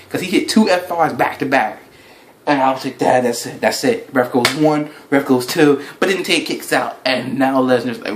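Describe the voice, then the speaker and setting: A man giving a casual, rambling reaction review of a wrestling event, recounting the action play-by-play with excitement. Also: medium pitch, normal speed, slight background noise.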